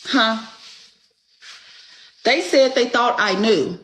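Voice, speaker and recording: Slow-talking, blunt storytelling woman. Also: fairly high pitch, a bit bright. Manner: blunt, exasperated, swears freely. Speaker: podcast host. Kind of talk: casual storytelling chat.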